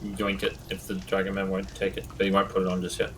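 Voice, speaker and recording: A man's voice: deep voice, monotone, fast, fairly bright tone, a little hiss or hum, poor audio. A young man playing a tabletop game, talking in a laid-back, joking way. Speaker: player. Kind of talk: casual tabletop play.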